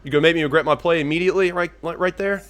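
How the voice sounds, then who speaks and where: A young man talking his way through a card game, swearing freely and rambling as he weighs each play. His voice sits a little high for a man. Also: racing, fairly bright tone. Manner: rambling, profane, thinking aloud. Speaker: gaming YouTuber. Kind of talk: casual gameplay commentary.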